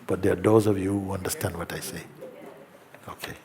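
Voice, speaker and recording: Man, spiritual teacher, gentle, low voice, unhurried, faint background ambience. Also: fairly even intonation, a little hiss or hum. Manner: slow, gentle, soft-spoken with long pauses. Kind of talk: satsang talk, reading a letter aloud. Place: outdoor gathering with faint ambience.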